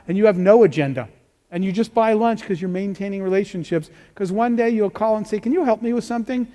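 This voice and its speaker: High-voiced man telling a motivational story. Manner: storytelling, animated, acts out dialogue. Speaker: keynote speaker. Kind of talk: motivational speech. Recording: hall reverb.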